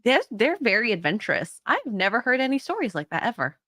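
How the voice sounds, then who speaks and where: A woman from Canada hosting a casual livestream chat, giggly and animated, gasping as she reacts. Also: on the high side, fast, dry recording, studio quality.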